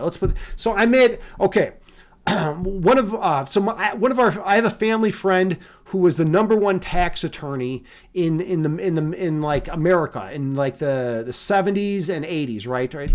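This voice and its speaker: High-voiced man ranting casually. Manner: rambling, profane storytelling with many restarts. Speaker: livestream host and meditation instructor. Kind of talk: casual livestream chat reading viewer comments.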